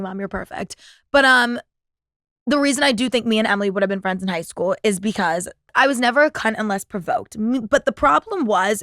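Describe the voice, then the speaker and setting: A woman's voice: mid-range voice, fairly bright tone, no echo, studio quality. A young woman in her twenties hosting a podcast, telling stories in a chatty, profane way full of filler words. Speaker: podcast host. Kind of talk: casual storytelling monologue.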